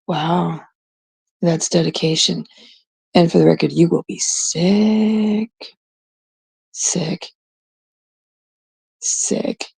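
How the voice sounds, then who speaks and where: A woman's voice: deep voice, creaky, warm tone, slightly rough, no echo. A woman from Canada chatting in a blunt, profane, rambling way, full of fillers, telling a story as a vlogger. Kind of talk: casual storytelling rant.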